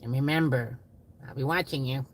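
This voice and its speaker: A man's voice: mid-range voice, moderate pace, close to an everyday voice. A man putting on the voice of a bossy male shop owner who stammers and rants at his staff. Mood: ranting. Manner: ranting, shrieking, stammering in anger.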